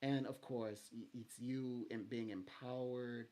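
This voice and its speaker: A man giving a phone psychic reading, talking gently and haltingly with many restarts and fillers. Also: medium pitch, fairly even intonation. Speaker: psychic reader.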